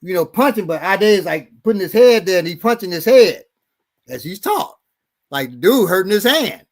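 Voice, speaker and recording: A middle-aged man hosting a podcast, telling stories in a blunt, profane, animated way. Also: sits high, normal speed. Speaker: podcast host and martial arts instructor. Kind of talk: casual storytelling chat.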